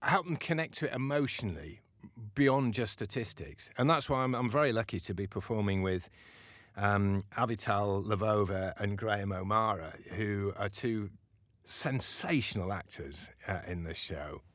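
A playwright being interviewed, telling a story in a lively way and acting out the voices he quotes. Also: fairly low pitch, normal speed, no room sound, studio quality. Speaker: playwright guest.

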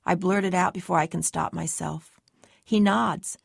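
A woman's voice: fairly low pitch, fairly even intonation, a little slow, vocal fry, breathy edge, no room sound, studio quality. A woman giving tense, anxious first-person story narration as an audiobook narrator.

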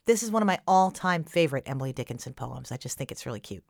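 A woman's voice: rumbling low, expressive, fast talker, vocal fry, no echo, studio quality. A woman hosting a children's classical music podcast, explaining things simply and cheerfully to young listeners. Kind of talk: scripted kids' podcast narration.

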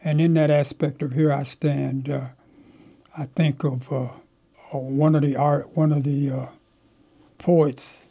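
Older man, gravelly and husky, mellow tone, emphatic storyteller, interview guest. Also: fairly high pitch, little pitch movement, measured pace. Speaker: guest, community elder. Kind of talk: storytelling in conversation.

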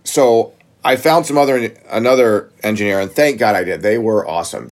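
A gym owner, a man, telling a story in a casual interview, getting animated as he recounts the shock. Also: moderate pace. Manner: animated, rises high when retelling shock.

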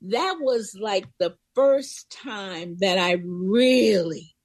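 A woman's voice: medium pitch, animated, extremely slow, no room sound. Older woman telling her life story. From Memphis. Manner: vivid storyteller, acts out voices in quotes. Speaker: interview guest. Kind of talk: personal storytelling.

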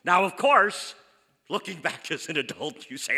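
A man spins a comic story from his childhood, mocking himself as he goes. His fairly high voice swoops widely and carries a very bright, forceful edge. The sound rings out with a long hall reverb. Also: moderate pace. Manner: animated, self-mocking, acts out quoted voices.

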